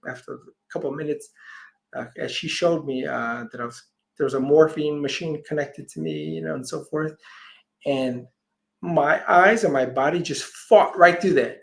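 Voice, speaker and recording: A man's voice: fairly high pitch, vocal fry, poor audio. A man, a healer being interviewed, telling a personal story in a rambling way, full of "you know" and retold dialogue. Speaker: guest, healer.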